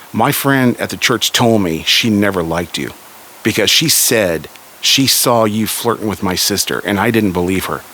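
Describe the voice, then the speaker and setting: A man from Southern California telling a family story in a casual spoken way, lively and raising his voice for the people he quotes. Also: slight background noise. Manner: animated, raises pitch for quoted characters.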